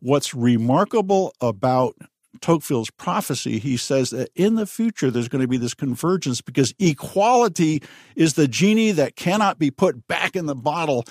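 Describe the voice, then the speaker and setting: A man co-hosting a history talk show, explaining in a measured, thoughtful way. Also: a little high, a little mellow, no room sound, studio quality. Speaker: history podcast co-host. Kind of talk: conversational history discussion.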